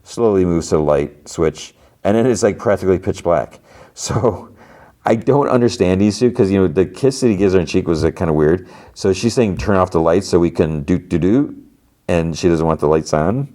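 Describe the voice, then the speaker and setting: A deep-voiced man talks through a TV episode for his podcast, scene by scene. His retelling rambles, full of fillers, false starts and quick paraphrased lines of dialogue. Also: warm tone. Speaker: podcast host. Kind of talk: casual episode recap.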